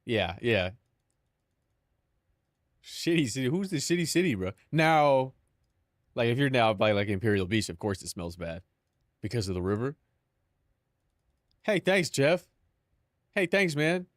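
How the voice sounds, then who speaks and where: A man's voice: lowish voice, lively intonation, normal speed, long pauses, no room sound, clean studio sound. A young man chatting casually on a live stream, joking and mock-dramatic with lots of filler words.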